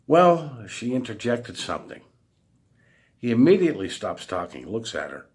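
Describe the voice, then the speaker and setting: A man's voice: mid-range voice, sing-song, normal speed, darkish tone. A man telling a story in a casual monologue, blunt and exasperated, with salty language. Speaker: vlogger.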